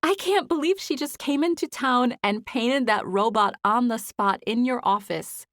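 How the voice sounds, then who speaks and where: Woman voicing an eager, chatty friend in an audiobook, raised and bright. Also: on the high side, a little slow, no echo, studio quality, pitched above the performer's own voice, lightly acted. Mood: excited. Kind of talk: audiobook character voice.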